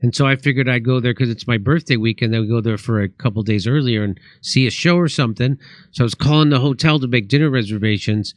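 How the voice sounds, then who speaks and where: A man's voice: mid-range voice, quick pace, no room sound. A man hosting a comedic talk show, telling stories and acting out both sides of a conversation. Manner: storytelling with acted-out quotes. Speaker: host.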